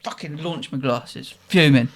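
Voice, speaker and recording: A young man, co-hosting a podcast and telling a lively, profane story about a night out. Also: medium pitch, a little slow. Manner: animated, swears freely, quotes people in the story. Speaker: podcast co-host. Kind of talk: casual storytelling.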